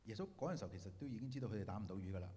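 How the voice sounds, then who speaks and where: A man with a low, dark, mellow voice interprets a sermon into Cantonese at a rapid clip, stumbling now and then over fillers. A long hall reverb trails behind his words. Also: expressive. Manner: quick and halting, with fillers.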